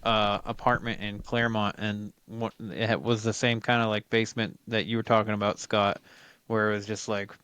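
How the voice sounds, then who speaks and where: A man chatting casually on a podcast, joining in with quick agreement and jokes. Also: fairly low pitch, level tone, fairly bright tone, clear, resonant tone, no room sound. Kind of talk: casual chat.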